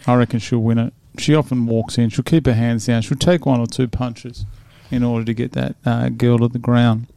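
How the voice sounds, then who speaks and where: Gravelly, dark-voiced man in his forties. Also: medium pitch, dry recording. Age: 40s. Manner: chatty, laid-back, laughs often. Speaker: podcast host previewing fights. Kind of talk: casual chat.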